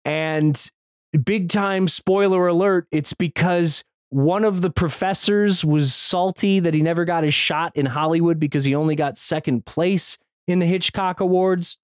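A man co-hosting a podcast in casual chat, excitable, swearing and laughing often. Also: fairly high pitch, measured pace, smooth, no room sound, studio quality. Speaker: podcast co-host.

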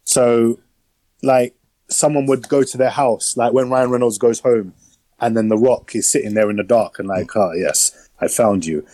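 A man's voice: mid-range voice, steady tone, moderate pace, mellow, no room sound, rough recording. A man hosting a podcast, rambling about a film in slangy casual chat with lots of fillers. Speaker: podcast host.

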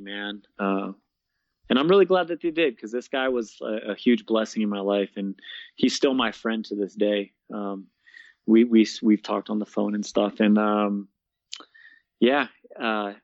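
A young man, a guest, casually telling his story in an interview, animated and laughing often, peppering his talk with "man" and "bro.". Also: on the low side, no room sound. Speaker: guest, fitness coach and speaker. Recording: dull, dry lo-fi sound.

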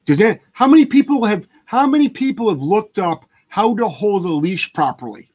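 A man's voice: sits high, very animated, moderate pace, a little mellow. A man hosting a casual live chat as a dog trainer, talking bluntly and emphatically with plenty of swearing. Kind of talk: casual livestream chat answering viewer questions.

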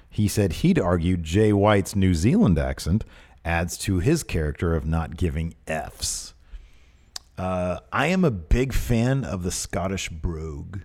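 A man's voice: deep voice, animated, a little slow, a little mellow, breathy edge. A man co-hosting a casual podcast, chatting and reading out listener questions with emphasis. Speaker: podcast co-host. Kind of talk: casual wrestling podcast chat.

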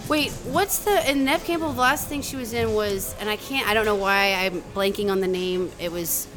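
A woman's voice: mid-range voice, moderate pace, a bit bright, faint music behind. A woman co-hosting a casual chat, curious and full of questions. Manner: curious, asks lots of questions. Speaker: co-host.

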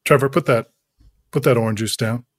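A man playing an exasperated father, husky. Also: medium pitch, fairly quick, no room sound, studio quality, natural voice. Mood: stern. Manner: stern, taking things away. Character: exasperated male parent punishing his son. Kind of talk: improv comedy sketch.

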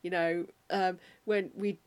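Woman, podcast host, casual monologue, self-deprecating, animated. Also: lowish voice, takes it slowly. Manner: self-deprecating, animated, quotes films in put-on voices.

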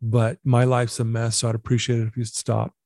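A man's voice: medium pitch, completely flat delivery, a little fast, darkish tone, dry recording, clean studio sound. A man telling a personal story as a podcast guest, earnest and confessional, acting out the dialogue he quotes. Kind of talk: storytelling interview.

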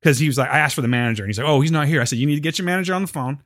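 A rapid-fire man with a slightly high voice spins a profane, animated story in casual conversation, performing other people's quotes as he goes. The sound is clean and studio-grade, without any room sound.

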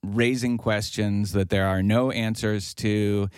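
Low-voiced man retelling a film plot. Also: fairly even intonation, slow pace, clean tone, no echo, studio quality. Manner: long retelling of a story with acted quotes, many fillers. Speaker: podcast panelist. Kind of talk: casual film discussion.

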